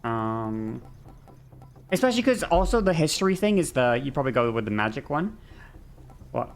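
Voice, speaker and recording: A woman's voice: rumbling low, sing-song, normal speed, faint music behind. A woman streaming a game, chatting casually with her viewers and ranting with heavy swearing and frequent restarts. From not American. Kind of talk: casual chat while gaming on stream.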